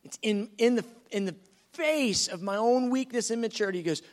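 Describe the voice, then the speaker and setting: A man with a notably high speaking voice delivers a teaching sermon. He talks in a lively, conversational way and acts out the lines he quotes. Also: brisk. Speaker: preacher.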